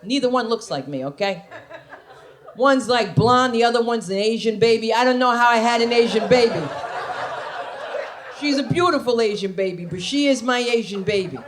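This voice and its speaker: Lady comedian, loud and brash, kinda high voice, noisy live club recording. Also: normal speed. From New Jersey, USA. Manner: brash storytelling with acted-out quotes and loud punchlines. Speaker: stand-up comedian. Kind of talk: stand-up comedy set. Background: audience laughter.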